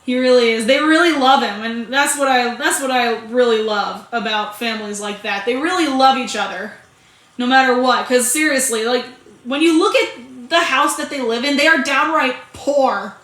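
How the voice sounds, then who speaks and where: Woman, casual movie reviewer, high and bright, chatty, keeps restarting her sentences, echoey room. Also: moderate pace. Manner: chatty and rambling, with frequent restarts and laughs.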